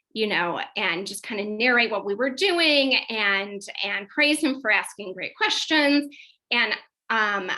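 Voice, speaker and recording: Bright-voiced, chatty woman psychologist. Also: medium pitch, rough recording. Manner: chatty, animated, checks in with listeners. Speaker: clinical psychologist leading a parent workshop. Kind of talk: informal workshop presentation.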